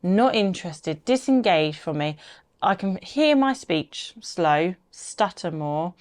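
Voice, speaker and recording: A woman co-hosting a podcast, talking through tips in a lively, animated, conversational way. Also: on the low side, takes it slowly. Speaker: podcast co-host. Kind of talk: casual advice chat.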